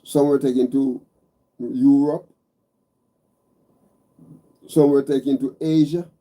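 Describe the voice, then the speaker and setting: A man's voice: medium pitch, mellow. A man preaching a meditative sermon, repeating phrases and calling his listeners brothers and sisters, stacking emphatic single words.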